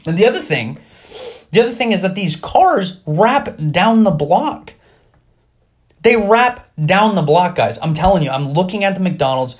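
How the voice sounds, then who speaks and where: A man's voice: fairly high pitch, breathy edge. A man hosting a comedy podcast, ranting with profanity and exasperation and shifting into mock-sincere irony, talking from a bathtub. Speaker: podcast host. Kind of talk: comedic rant.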